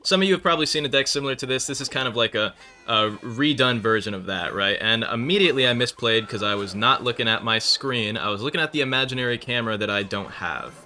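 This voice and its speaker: A man's voice: mid-range voice, quick pace, bright, forceful tone. A man telling a rambling story while playing a video game, swearing and breaking off to react to the match. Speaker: gaming video creator. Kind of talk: casual storytelling over live gameplay.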